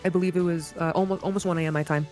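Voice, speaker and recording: Fast-talking hesitant woman telling a story. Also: lowish voice, steady tone, warm tone, soft background music. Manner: hesitant, self-correcting, quotes others. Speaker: interviewee. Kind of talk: recounting a story in an interview.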